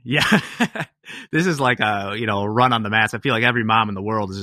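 A man's voice: fairly low pitch, brisk, bright, forceful tone, no echo, clean studio sound. A man hosting a podcast in casual chat, joking and laughing at his own slips. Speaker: podcast host.

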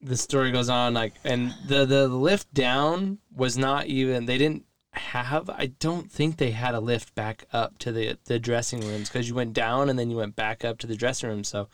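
A man's voice: medium pitch, moderate pace, hardly any pauses, clear, resonant tone, no room sound. A man co-hosting a podcast, chatting casually in a supportive, reflective and somewhat rambling way. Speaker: podcast co-host.

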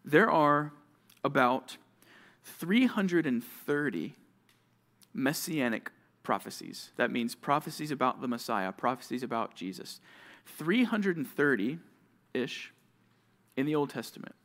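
A young man preaching to junior high students, telling stories and acting out short scenes, with sudden swings from loud to hushed. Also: big pitch swings, slow pace. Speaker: youth pastor. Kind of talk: youth sermon.

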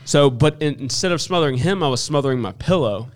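Animated young man, lively pitch. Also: quick pace. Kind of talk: casual chat.

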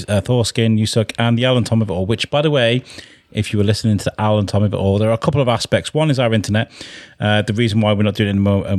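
Chatty man with a low voice. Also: darkish tone, dry recording, studio quality. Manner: chatty, laughs often, restarts his sentences. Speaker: podcast host. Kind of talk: casual chat.

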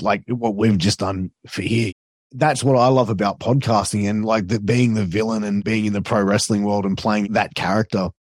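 A man's voice: lowish voice, darkish tone, husky, no echo, clean studio sound. An Australian man, a podcaster and wrestling announcer, chatting casually as a guest, swearing freely and filling his talk with asides. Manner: profane, loose, full of fillers.

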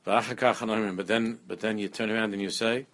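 A man giving a lively Torah class, often repeating phrases and mixing Hebrew terms into his English. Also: fairly low pitch, unhurried. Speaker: rabbi teaching a class.

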